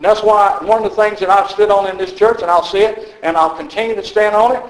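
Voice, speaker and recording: A man's voice: high voice, fairly even intonation, quick pace, roomy sound, poor audio. An older man preaching a sermon as pastor, telling stories in a folksy way with frequent chuckles. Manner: storytelling, folksy, chuckles often. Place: church sanctuary.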